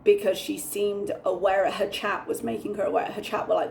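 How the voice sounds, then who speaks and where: Gravelly-voiced woman ranting. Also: mid-range voice, little pitch movement, moderate pace, darkish tone, a little hiss or hum. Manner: ranting, candid, swears freely. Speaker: reaction channel host. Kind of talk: commentary.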